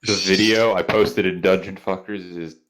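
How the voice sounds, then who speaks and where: Low-voiced man at a game table, quick with dry jokes. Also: fairly even intonation, a bit bright. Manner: wisecracking. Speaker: player.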